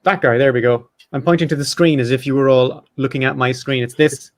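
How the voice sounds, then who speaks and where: A man's voice: medium pitch, steady tone, fairly quick. A man hosting a podcast, reading off facts and lists in a casual chat with jokey asides. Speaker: podcast host.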